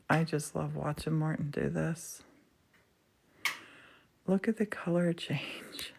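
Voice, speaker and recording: A woman's voice: low voice, steady tone, slow, creaky, pauses often, darkish tone, breathy edge. A woman hosting a casual live demo from a glass studio, gushing with affection and chatting to her viewers. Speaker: livestream host. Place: indoor glass fusing studio.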